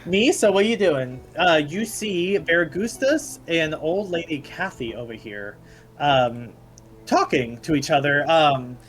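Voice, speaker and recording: A man's voice: on the high side, animated, a little slow, music in the background. A man narrating as dungeon master of a tabletop game, rambling with many fillers and laughing often.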